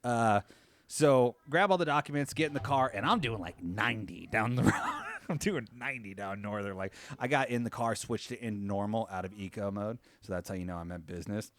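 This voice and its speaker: A podcast co-host tells a story during casual chat, talking fairly quickly and swearing freely. Whenever he quotes someone, he jumps up into a high voice.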